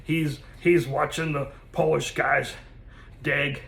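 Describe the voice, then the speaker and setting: A man telling a joke in a casual, animated way, acting out the characters. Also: fairly high pitch, slow, gravelly. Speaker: comedian teaching joke telling.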